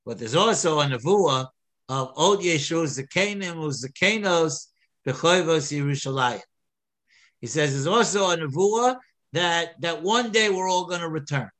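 A man giving an animated Torah lecture, full of restarts and repeated words. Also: fairly high pitch, unhurried. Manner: animated, many restarts, mixes Hebrew and English. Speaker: rabbi teaching Torah.

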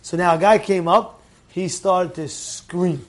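Emphatic high-voiced rabbi preaching. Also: male voice, fairly even intonation, slow pace. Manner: emphatic, repeats phrases, swings between loud exclamations and quiet asides. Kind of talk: animated Torah class sermon.

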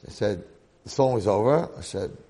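A man in his sixties, a rabbi, telling a story to his congregation in an animated way with dramatic swings in loudness. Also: fairly low pitch, normal speed, slightly rough.

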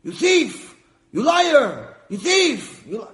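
A man doing a shouting stingy rich man. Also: high-pitched, expressive, unhurried. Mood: furious. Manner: shouting, indignant complaining. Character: stingy rich man ranting at his own mouth.

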